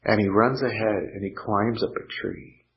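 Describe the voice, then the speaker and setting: A man preaching a sermon, earnest and pausing, lifting his voice when he quotes scripture. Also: lowish voice, fairly even intonation. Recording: dull lo-fi sound.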